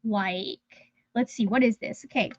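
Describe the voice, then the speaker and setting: High-voiced woman chatting on a livestream. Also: unhurried, no echo, dull audio. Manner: rambling, chatty, trails off mid-sentence. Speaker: livestream host. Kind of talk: casual livestream chat. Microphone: phone.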